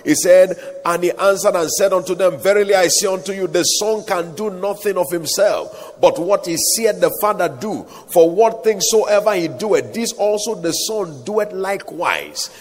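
A man preaching with a high, lively voice that rises and falls as he quotes scripture. His voice is a little husky. He calls on the congregation to answer amen, and the sound rings on in a big reverberant hall. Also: normal speed, few pauses. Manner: preaching with calls for amen and King James quotations. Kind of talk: sermon.

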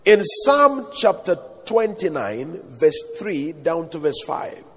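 A man's voice: a little high, sing-song, slow pace, a bit bright, slightly rough. A man preaching a sermon with emphatic delivery, calling out for the congregation to respond. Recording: echoey hall, voice at times off-mic.

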